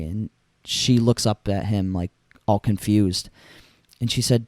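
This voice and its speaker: A young man talks through a solo podcast in a loose, rambling way, full of fillers and restarts. His voice sits a little low and sounds mellow. The mic is close, with a dry, deadened room. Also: steady tone, a little slow, no room sound. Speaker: podcast host. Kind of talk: casual solo podcast monologue.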